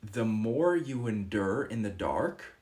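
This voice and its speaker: A man's voice: on the low side, animated, slow, darkish tone. A young man talking casually and earnestly to camera as a fitness vlogger, rambling a little and acting out quoted exchanges. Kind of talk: casual reflective monologue.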